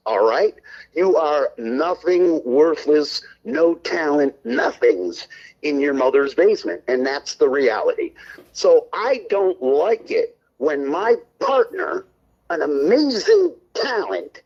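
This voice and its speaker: A man's voice: a little high, a little mellow, slightly rough, muffled recording. A man co-hosting a call-in stream show, ranting on air in a brash, defensive and profane way. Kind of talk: heated on-air rant.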